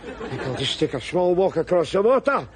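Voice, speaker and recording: Brash middle-aged Scottish loudmouth: high, swooping voice, belligerent rants over crowd noise outdoors. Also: male voice, very animated, fairly quick. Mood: ranting. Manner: ranting, belligerent, mocking. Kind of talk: sitcom acting.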